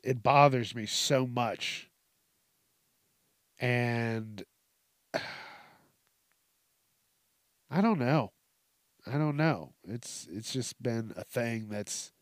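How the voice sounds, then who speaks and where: A male podcast host delivers a laid-back, profane, self-mocking monologue, often laughing and starting sentences over. His mid-range voice is recorded at studio quality with no echo.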